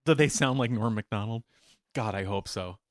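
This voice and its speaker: A man co-hosting a casual chat, playful and quick to joke, in a small room. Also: fairly low pitch, no echo, studio quality. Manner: playful, animated storytelling with laughs. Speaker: podcast co-host.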